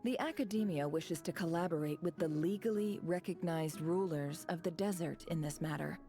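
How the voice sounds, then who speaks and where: A woman voicing a ruthless, scheming young desert woman in a video game, speaking softly and with quiet menace. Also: lowish voice, normal speed, soft background music, lightly acted. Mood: businesslike. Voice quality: cool, soft-spoken, menacing.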